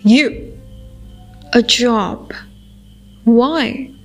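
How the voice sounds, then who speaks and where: A woman's voice: a little high, very slow. Condescending grown-up daughter, read by a woman narrator. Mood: incredulous, reproving. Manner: incredulous and condescending. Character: sceptical, know-it-all grown-up daughter. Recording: faint music behind.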